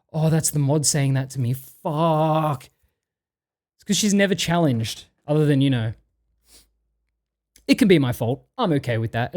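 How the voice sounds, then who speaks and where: A man's voice: a little high, a little mellow. A man streaming, ranting and reading chat messages aloud in a profane, exasperated way.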